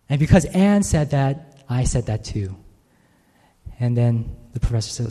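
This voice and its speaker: A male pastor preaches a sermon conversationally in a medium-pitched, mellow, sing-song voice, unhurried in pace. He frequently checks in with listeners by asking "right?" The recording carries long reverb from a large hall.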